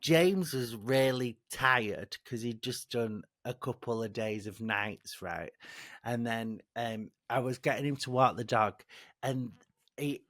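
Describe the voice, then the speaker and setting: A man co-hosting a comedy podcast, an animated storyteller who acts out what people said. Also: medium pitch, no echo, studio quality. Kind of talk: casual comedy chat.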